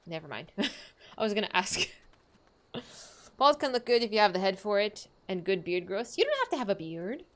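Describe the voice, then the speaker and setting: A woman streamer giving casual, joking commentary while she plays. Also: mid-range voice. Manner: chatty, joking.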